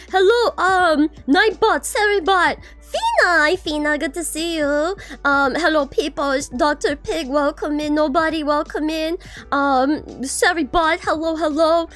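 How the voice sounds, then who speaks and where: High-voiced bubbly woman streamer. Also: a bit bright. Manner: bubbly, greets chat by name, swears casually. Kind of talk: casual chat with viewers.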